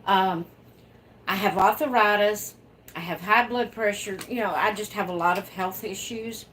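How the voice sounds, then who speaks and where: This is a woman hosting her own live video from home, reading out viewer comments in a relaxed, chatty way. She speaks slowly in a mid-pitched voice and often breaks into laughter. A light background hum sits under her voice. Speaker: livestream host.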